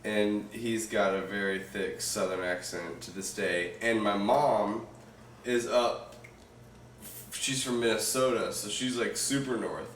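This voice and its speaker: A young man co-hosting a casual podcast chat, laid-back and quick to laugh. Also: on the low side, steady tone, fairly bright tone. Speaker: podcast co-host. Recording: echoey room, mic at a distance, faint noise.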